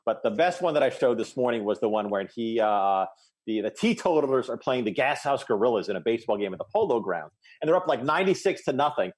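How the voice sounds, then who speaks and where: A man's voice: medium pitch, animated, fast. A man in his thirties, a podcast co-host, chatting casually and eagerly retelling scenes, with many restarts. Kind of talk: casual chat.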